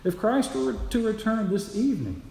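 A man's voice: high voice, big pitch swings, moderate pace, vocal fry, mellow, a little hiss or hum. A man preaching a sermon as pastor, emphatic, repeating key phrases and asking the congregation rhetorical questions. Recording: echoey hall with long reverb.

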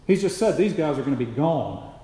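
A man's voice: on the high side, expressive, fairly quick, mellow. A man preaching an expository sermon, emphatic and repeating key phrases for stress. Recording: echoey hall with long reverb.

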